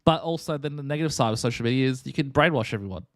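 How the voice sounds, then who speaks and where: A young man, hosting a live stream and telling a lively personal story in casual chat. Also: medium pitch, racing, no echo, studio quality. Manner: animated, chatty storyteller acting out dialogue. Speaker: streamer and host.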